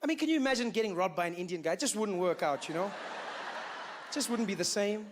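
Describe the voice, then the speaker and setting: A male stand-up comedian performing a routine in an animated way, full of "you know" asides. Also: sits high, a little fast, crowd noise, noisy background.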